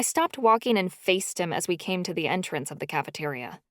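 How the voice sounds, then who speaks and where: A woman narrating a first-person audiobook in an expressive, emotional storytelling style. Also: fairly low pitch, brisk, hardly any pauses, dry recording, studio quality.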